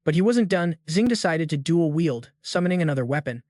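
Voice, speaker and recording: A man's voice: on the high side, lively intonation, brisk, a little mellow, dry recording, studio quality. Hyped man narrating a recap. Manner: slangy, hyped-up storytelling. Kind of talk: scripted narration.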